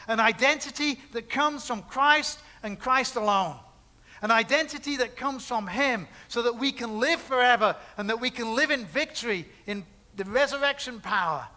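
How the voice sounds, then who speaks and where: A man delivers a sermon from the pulpit of a church. His voice sits high and rings bright and forceful. He talks in a conversational way, stacking up repeated phrases and tossing in asides to the congregation. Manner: conversational preaching with repetition and asides. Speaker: pastor. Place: church sanctuary.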